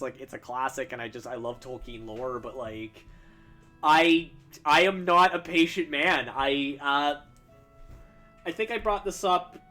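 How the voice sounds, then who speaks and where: A man's voice: fairly high pitch, a bit bright. A young man chatting casually while drawing on a stream, rambling and stumbling over restarts with self-deprecating laughs. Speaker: streamer answering chat questions while drawing. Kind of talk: casual chat.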